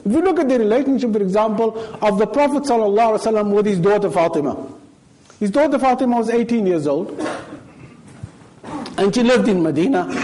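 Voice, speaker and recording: A man's voice: high voice, darkish tone, poor audio. A man with a South African accent giving a sermon in a mosque, telling stories and asking rhetorical questions. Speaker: preacher.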